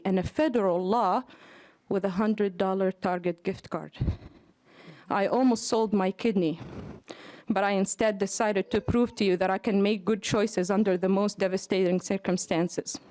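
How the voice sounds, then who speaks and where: A woman's voice: medium pitch, a little mellow. A woman in her twenties, from Africa, out of breath, reading earnest, emphatic testimony to a committee in a hearing room.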